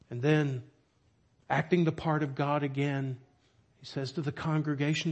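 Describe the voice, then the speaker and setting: A man's voice: fairly high pitch, flat delivery, normal speed, long pauses. A man preaching a sermon, with emphatic, dramatic storytelling. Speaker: pastor.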